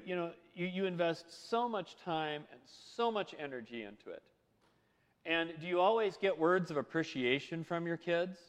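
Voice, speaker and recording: A man's voice: high-pitched, long reverb tail. A man preaching a sermon in a conversational way, full of rhetorical questions. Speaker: pastor.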